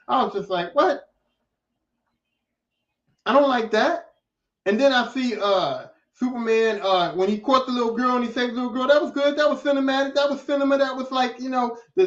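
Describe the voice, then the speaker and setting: A man hosting a podcast, ranting in a casual, animated monologue that is full of swearing and repeated phrases. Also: very high voice. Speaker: podcast host. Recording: echoey, distant, dull lo-fi.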